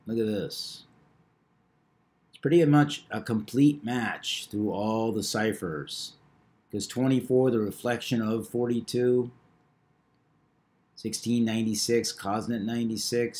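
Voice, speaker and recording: Slow, low-voiced man reciting numbers. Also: fairly even intonation, darkish tone. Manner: reads out numbers in a measured, knowing tone. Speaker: numerology video host. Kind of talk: casual monologue.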